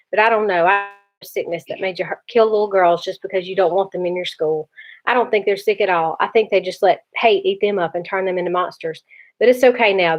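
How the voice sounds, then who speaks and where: A woman reading aloud, voicing a gruff older teenage brother who is blunt but protective. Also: mid-range voice, lightly acted. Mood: comforting. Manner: blunt, scolding. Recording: dull lo-fi recording.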